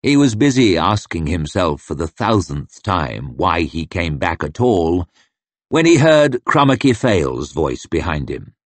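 Low-voiced expressive male narrator. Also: a little slow, dry recording. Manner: expressive, varied delivery. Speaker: audiobook narrator. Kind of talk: scripted fantasy narration.

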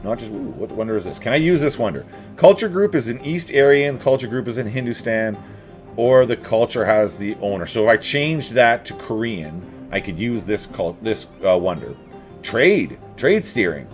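A man's voice: fairly low pitch, animated, moderate pace, faint music behind. A man casually commentating his own strategy game, chatting to his troops and rivals with playful asides. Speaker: let's play host.

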